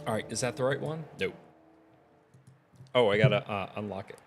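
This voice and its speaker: Over soft background music, a man with a fairly low voice talks at normal speed in a casual vlog. He's a tech vlogger chatting loosely about audio equipment and what he plans to do, laughing easily and using lots of fillers.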